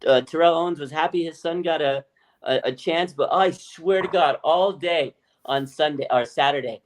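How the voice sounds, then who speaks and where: A man co-hosting a podcast, chatting in a lively, casual way, swearing freely and acting out other people's voices. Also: fairly high pitch, normal speed, slight background noise. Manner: animated, swears freely, acts out quoted voices. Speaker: podcast co-host. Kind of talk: casual sports chat.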